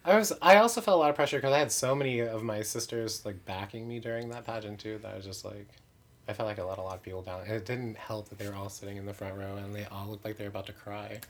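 Chatty drag performer, low voice. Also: male voice, fast talker, slight background noise. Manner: chatty, candid, frequent "like" fillers, self-mocking. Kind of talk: casual interview chat.

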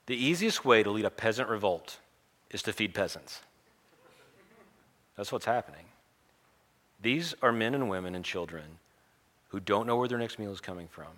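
Forceful, low-voiced male preacher telling a story. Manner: animated retelling with chanted crowd lines. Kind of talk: sermon storytelling.

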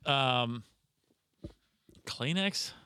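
A man's voice: mid-range voice, animated, very slow, sharp tone, smooth. A man, co-hosting a casual sports podcast with joking, swearing banter. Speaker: podcast co-host.

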